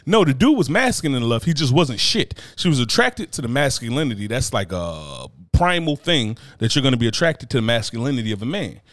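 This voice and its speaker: A man's voice: medium pitch, very animated, brisk, hardly any pauses, a bit bright, no echo, clean studio sound. A man on a casual podcast chat, talking bluntly and with lots of profanity, often checking in with "you know what I mean". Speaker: podcast co-host.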